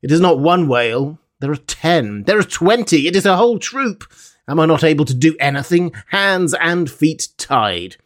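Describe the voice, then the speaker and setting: A man's voice: fairly high pitch, animated, normal speed, hardly any pauses, fairly bright tone, voice pushed up. A man reading an eager harpooner. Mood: agitated. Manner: eager, restless, exclaiming. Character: hot-tempered Canadian harpooner, adult man. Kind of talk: audiobook character reading.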